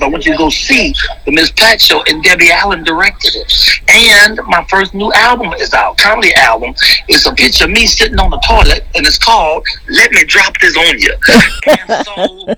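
Middle-aged comedian guy preaching his story, super bright sharp tone, kinda high. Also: rough recording. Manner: preachy and exuberant, bursts of speed. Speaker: guest, comedian. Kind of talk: animated interview testimony.

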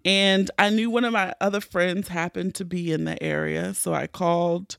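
A woman's voice: fairly low pitch, fairly even intonation, normal speed, vocal fry, dry recording, studio quality. A woman podcast host telling a personal story in an emotional, candid way, tearful and full of fillers and restarts.

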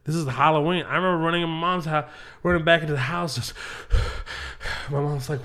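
A man's voice: on the high side, fairly quick. A man, a comedian guest, telling a story in casual chat and acting out the voices in it. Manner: animated storyteller, acts out voices, laughs often.

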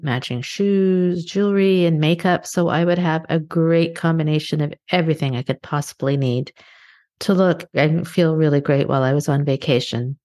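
A middle-aged woman from Canada hosts a reflective motivational podcast. Her voice sits low, and she speaks earnestly and at a measured pace. She slows down to stress her key points. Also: darkish tone. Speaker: podcast host.

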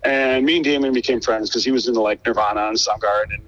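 Animated man telling stories, dull lo-fi sound. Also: on the low side, fast talker. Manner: animated, profane, acts out quoted dialogue. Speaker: guest musician. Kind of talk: casual storytelling interview.

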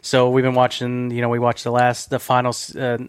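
A man's voice: mid-range voice, monotone, a little fast, smooth, no room sound, studio quality. A man co-hosting a podcast in a loose, rambling casual chat, laughing often. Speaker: podcast co-host.

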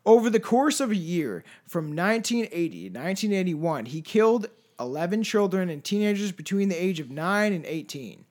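A man's voice: sits high, big pitch swings, normal speed, few pauses, darkish tone. A man co-hosting a casual true-crime podcast, joking and swearing as he talks through cases. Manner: profane, joking, trails into mumbles. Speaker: podcast co-host.

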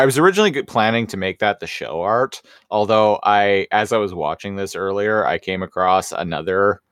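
A man's voice: lowish voice, a bit bright, no echo, clean studio sound. A man co-hosting a podcast, talking in casual chat with stammering restarts. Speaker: podcast co-host.

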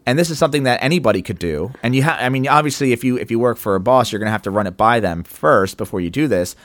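A man chatting casually on a podcast, loose and unpolished, with the odd swear and acted-out anecdote. His voice sits at an ordinary pitch and sounds close and dry, with no room around it. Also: expressive, quick pace, fairly bright tone, no echo. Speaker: podcast co-host.

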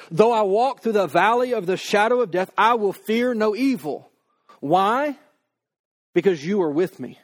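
High-voiced man preaching a sermon. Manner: conversational preaching, acts out quoted prayers slowly. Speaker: pastor.

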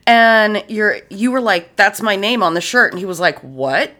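A woman's voice: medium pitch, moderate pace, bright, forceful tone. A woman from Utah co-hosting a podcast in casual chat, blunt and profane, acting out her own reactions. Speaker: podcast co-host.

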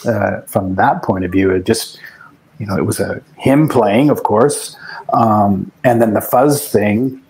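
A man's voice: lowish voice, unhurried, a little mellow, low-quality recording. Older man telling stories, reflective. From Canada. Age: 60s. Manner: reflective, storytelling, with restarts. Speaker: guest musician. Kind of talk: casual interview chat.

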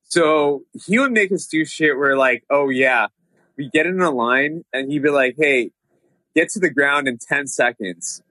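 Man, casual profane storyteller, forceful bright voice, dry sound. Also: a little high, measured pace, no echo. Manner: animated, profane, lots of fillers. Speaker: guest telling a story.

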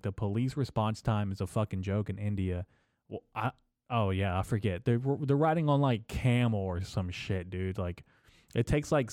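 Brief: male podcast host, low register, dry mic, loose profane comic rambling. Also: a little mellow, no echo. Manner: profane, loose and jokey, lots of fillers.

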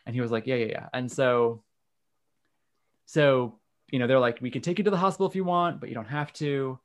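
A man's voice: medium pitch, brisk. A man, candidly telling a personal story in casual conversation. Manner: candid, frank, occasional swearing. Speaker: guest.

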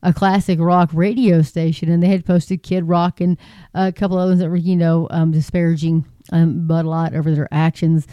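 Woman podcast host, casual and rambling, smooth mellow voice, dry close recording. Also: fairly low pitch, little pitch movement, normal speed, no room sound, lo-fi sound. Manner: rambling, chatty, frequent restarts and asides, laughs often. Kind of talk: casual solo podcast commentary. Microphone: podcasting microphone.

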